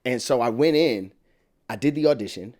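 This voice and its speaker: A man's voice: medium pitch, moderate pace. A man being interviewed as a guest actor, chatting casually and telling stories with frequent laughter, in a hotel room. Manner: animated storyteller who laughs often. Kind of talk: casual chat.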